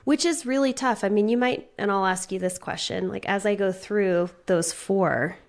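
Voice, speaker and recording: A middle-aged woman, a marriage therapist, explaining ideas clearly step by step as a guest. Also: mid-range voice, normal speed. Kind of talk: explanatory interview talk.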